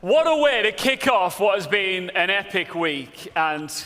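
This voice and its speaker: A man's voice: sits high, big pitch swings, measured pace, background noise. A man hosting a live esports broadcast in a large historic hall, upbeat and playful as he hypes the crowd. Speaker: event host. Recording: echoey hall with long reverb.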